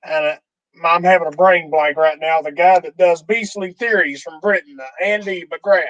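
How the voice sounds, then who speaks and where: A man's voice: a little high, fairly even intonation, normal speed, fairly bright tone, no room sound, muffled recording. A man hosting a podcast in casual chat, telling a self-deprecating story with small chuckles. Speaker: podcast host.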